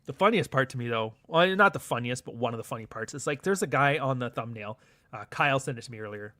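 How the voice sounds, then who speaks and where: A man's voice: mid-range voice, expressive, quick pace, sharp tone, no room sound. A young man, hosting a livestream in a sardonic, profane, rambling monologue. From Canada. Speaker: livestream host. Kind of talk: casual ranting monologue.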